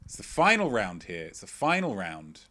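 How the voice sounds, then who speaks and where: A man's voice: fairly low pitch, wildly swooping pitch, normal speed, sharp tone. Playful rambling man hosting a quiz. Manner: playful, rambling, jokey asides. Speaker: quiz host. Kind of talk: live-streamed quiz hosting, reading chat. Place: at home, indoors.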